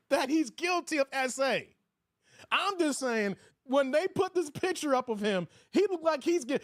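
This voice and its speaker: A fairly high-pitched man hosts a casual live reaction stream, cracking jokes in an animated way and thanking viewers for their donations. The sound is dry and close to the mic. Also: normal speed, no echo. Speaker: YouTube commentary host.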